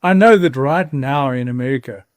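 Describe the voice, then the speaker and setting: A man's voice: mid-range voice, normal speed, a little mellow, no echo, clean studio sound. A man in his sixties with a South African accent, a farmer telling his story earnestly in an interview, with the odd repeated word and a catch of emotion. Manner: earnest, emotional, repeats words when moved. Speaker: farmer guest.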